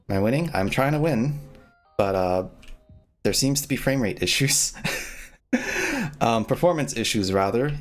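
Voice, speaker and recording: A man streaming himself playing a game, chatting casually, rambling a little and often laughing, at a desk microphone at home. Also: fairly low pitch. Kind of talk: casual gameplay commentary.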